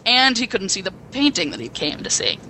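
A young woman co-hosting a podcast, excitedly rambling through a plot retelling with acted quotes. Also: medium pitch, fairly quick, slight background noise, poor audio. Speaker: podcast co-host. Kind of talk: casual chat.

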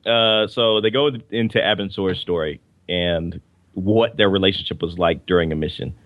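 A man with a low voice co-hosts a podcast, talking casually and rambling through his thoughts with fillers and restarts. The sound is dry and close. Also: normal speed, no room sound, muffled recording. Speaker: podcast co-host. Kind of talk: casual chat reviewing comics and films.

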